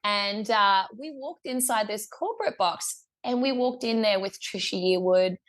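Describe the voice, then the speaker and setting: A woman's voice: medium pitch, a little slow. A young woman with an Australian accent, a guest musician telling a story in a casual interview, chatty, laughing often, with lots of fillers and restarts.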